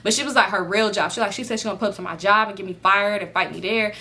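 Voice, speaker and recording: A young adult woman vlogger in casual storytime, talking in an animated, profane way and acting out what others said. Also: medium pitch, rapid-fire. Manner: animated, profane, acts out quoted lines.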